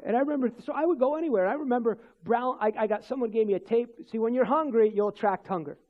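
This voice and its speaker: A man's voice: extremely high pitch, quick pace, narrow, tinny audio. A man, a Christian minister, telling a personal faith testimony in conversation, rambling with restarts and chuckles.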